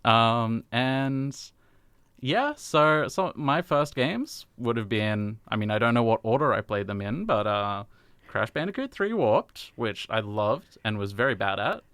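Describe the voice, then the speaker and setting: A man's voice: mid-range voice, animated, a little slow, fairly bright tone, clear, resonant tone, no echo. A young man co-hosting a radio show, talking in a wry, self-deprecating way with plenty of fillers. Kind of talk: casual chat.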